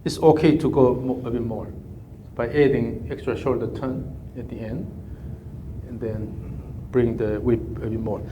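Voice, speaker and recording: A man coaching a golf swing in an echoey indoor room, with faint ambient noise behind him. He talks slowly in a mellow, relaxed tone, repeating short cues and humming through his counts. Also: medium pitch. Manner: calm, repetitive cueing with humming counts. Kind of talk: live coaching session.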